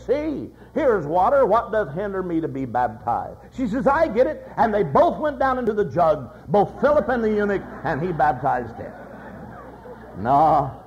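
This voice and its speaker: An older man preaching a sermon, telling folksy stories and acting out their voices. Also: fairly high pitch. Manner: folksy storytelling with voiced anecdotes. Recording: dull lo-fi recording.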